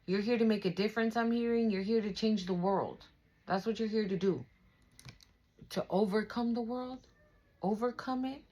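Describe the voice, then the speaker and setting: A woman's voice: medium pitch, moderate pace, mellow, rough recording. A young adult woman giving a casual spiritual card reading, chatty and affirming, with fillers and swearing. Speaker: tarot reader.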